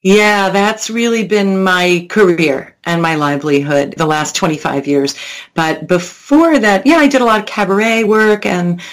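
A woman's voice: medium pitch, a little slow. A middle-aged woman from Long Island, a children's musician, chatting casually as a guest over a video call. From Long Island, New York. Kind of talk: casual chat.

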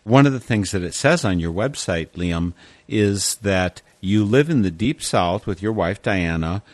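A man with a very low voice hosts a radio interview, introducing his guest and pointing listeners to a website. He speaks in a friendly, easy way, recorded dry and close. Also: animated, a little slow, dry recording. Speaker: radio host.

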